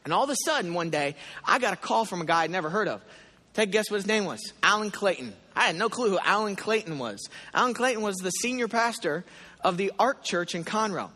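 Man, pastor, high bright voice, animated storytelling, echoing church hall. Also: a little fast. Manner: animated storytelling, voicing his own prayers. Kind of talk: sermon. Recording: long hall reverb.

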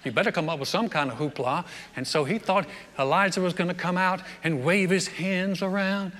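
High, bright, animated preacher man. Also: brisk. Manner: animated storytelling, humorous asides. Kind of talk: sermon. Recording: long reverb of a big hall.

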